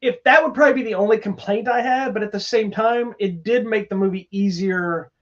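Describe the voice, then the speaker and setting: A man's voice: sits high, a little fast, fairly bright tone. A man co-hosting a podcast, chatting casually and enthusiastically, rambling with restarts. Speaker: podcast co-host reviewing movies. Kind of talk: casual chat. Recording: slightly dull lo-fi sound.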